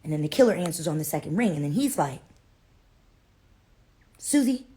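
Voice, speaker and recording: A woman's voice: deep voice, lively intonation, rapid-fire, mellow. A woman on a phone livestream, telling a story in a playful, dramatic way. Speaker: social media personality.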